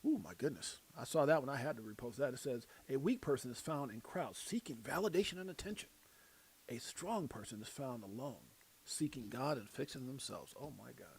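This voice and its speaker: A man with a Brooklyn accent hosting a casual crypto livestream, reading out motivational quotes and breaking into loud shouts and laughter. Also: mid-range voice, lively intonation, brisk, slightly rough. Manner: reads out quotes and preaches motivational sayings.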